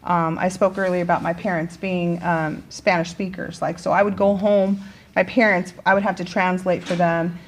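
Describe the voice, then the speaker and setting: A woman's voice: lowish voice, flat delivery, normal speed. A middle-aged woman teacher talking casually in a conversation, with many fillers and restarts. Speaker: teacher and guest.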